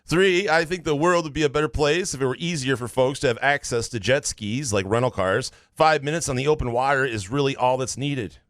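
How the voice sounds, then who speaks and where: A man co-hosting a casual sports podcast, deadpan, reading listener takes aloud and dropping low for dry asides. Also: a little fast, hardly any pauses, dry recording.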